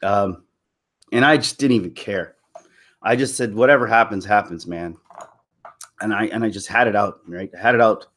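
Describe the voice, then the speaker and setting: A man's voice: on the low side, moderate pace, fairly bright tone. Candid rambling man chatting on stream. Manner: candid, rambling, personal storytelling with frequent restarts. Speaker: YouTube commentator. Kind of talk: live stream chat with viewers.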